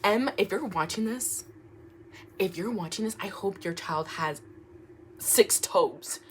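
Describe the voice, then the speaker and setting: A woman's voice: mid-range voice, slow pace, a little hiss or hum. A young woman, reading online stories aloud at home in a casual way and breaking off to react with laughs and jokes. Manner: animated, laughing asides, trips over words. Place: room at home.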